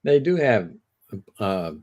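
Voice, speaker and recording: An older man with a drawl chats along in an easygoing, joking way. His pitch swings lively up and down as he talks. He sounds relaxed and unhurried. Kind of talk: casual chat.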